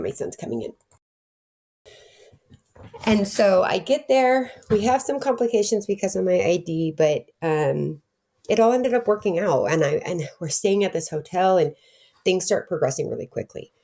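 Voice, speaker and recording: A woman's voice: fairly low pitch, expressive, moderate pace, dark tone. A middle-aged woman telling her own recovery story in a candid, casual way. She acts out the people she quotes and talks with many fillers and restarts.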